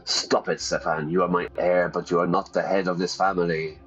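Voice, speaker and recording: A man's voice: low voice, level tone, fairly quick, fairly bright tone, husky, highs cut off, soft background music. A man voicing a stern, aging noble father who speaks in a clipped, commanding way.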